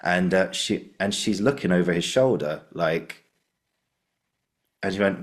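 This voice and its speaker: Very deep-voiced man telling stories. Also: expressive, unhurried, pauses often. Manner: chatty storyteller, acts out quoted voices. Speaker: podcast host. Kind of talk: casual chat, telling anecdotes.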